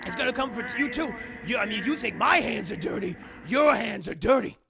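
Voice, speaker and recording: A man's voice: very high voice, expressive, a little fast, gravelly, crowd noise, voice pushed up, exaggerated voice. A man voicing a frightened old male mob boss who stammers and pleads frantically. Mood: panicked.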